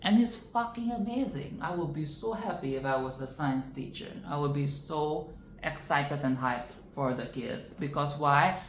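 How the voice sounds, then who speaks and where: Sassy low-voiced woman ranting about a film. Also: measured pace. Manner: sassy, swears freely, exclaims and rants. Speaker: film reaction commentator. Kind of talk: casual film commentary. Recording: echoey room with faint noise.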